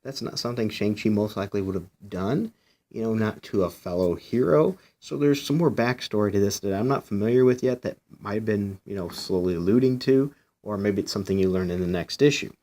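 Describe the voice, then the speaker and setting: Brief: lower-pitched male comic reviewer, loose and chatty, full of "you know"s, talks straight to his viewers. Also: brisk, dark tone. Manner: asks viewers questions directly. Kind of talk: casual review commentary.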